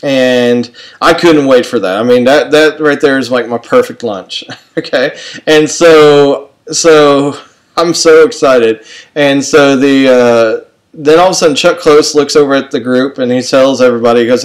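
A man's voice: medium pitch, measured pace, low-quality recording. A man telling a personal anecdote to an audience in a rambling, self-mocking way, full of fillers and restarts. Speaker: storyteller.

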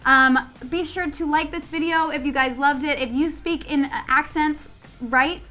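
A woman's voice: sits high, steady tone, measured pace, sharp tone. A young Midwestern woman hosting a casual interview, bubbly, giggly and gushing. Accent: Midwestern American. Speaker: interview host.

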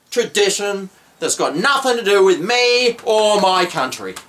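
A man's voice: high voice, very animated, unhurried, hardly any pauses, fairly bright tone. An Australian man ranting grumpily to camera in a comedic vlog, swearing constantly and sounding exasperated. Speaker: vlogger.

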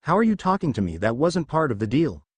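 A man's voice: a little high, very animated, a little fast, slightly rough, no room sound. A man voicing a brash, hot-headed teenage boy ninja in a read-aloud fan story. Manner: brash and shouty.

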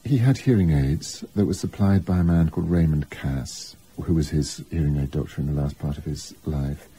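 A biographer talking reflectively in an interview, thinking aloud with asides and restarts. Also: male voice, extremely low pitch, moderate pace, dark tone, breathy edge, poor audio.

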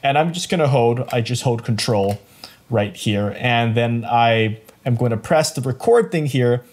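Upbeat man hosting a software tutorial. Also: medium pitch, measured pace. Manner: upbeat and playful, chuckling while explaining. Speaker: tutorial host. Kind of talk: screen-recorded software tutorial.

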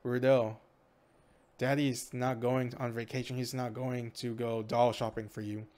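A man voicing a doting father who is leaving home, speaking gently and reassuringly in his own voice. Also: medium pitch, little pitch movement, a little slow, natural voice. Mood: gentle.

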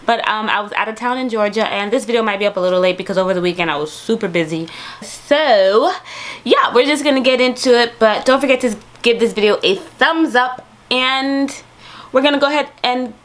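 A woman's voice: fairly high pitch, fairly quick, a bit bright. A young woman talking casually through a makeup tutorial, upbeat and chatty with many fillers. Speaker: beauty vlogger.

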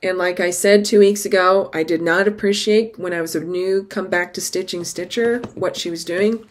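A middle-aged woman chatting casually to camera about her stitching, excitable and gushing, with sudden high exclamations. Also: moderate pace, a little hiss or hum. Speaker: cross-stitch vlogger.

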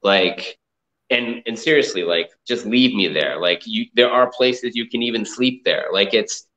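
A man from the Boston area talks in a fairly low voice, winding through stories with plenty of "like" and "you know" as he goes. The sound is dull and lo-fi, as if it came over a video call. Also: measured pace, sharp tone. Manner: rambling, filler-heavy storytelling. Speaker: guest, comic art collector and entrepreneur. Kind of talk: casual interview chat. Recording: dull lo-fi audio.

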